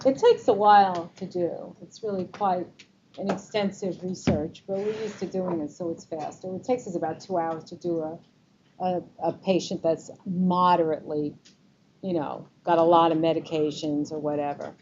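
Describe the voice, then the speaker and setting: A woman's voice: on the low side, fairly even intonation, normal speed. A woman with a New York accent presenting a Medicare seminar, talking casually and quizzing the audience. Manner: chatty, quizzes the audience with true-or-false questions. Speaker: Medicare advisor presenting a talk. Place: meeting room with a live audience. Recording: slightly muffled recording, faint room noise.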